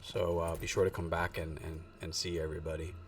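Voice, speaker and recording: A man's voice: sits low, level tone, a little fast, slight background noise. A man streaming a game, chatting casually and rambling with lots of fillers as he thinks aloud. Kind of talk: casual live-stream gaming chat. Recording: voice distant from the mic.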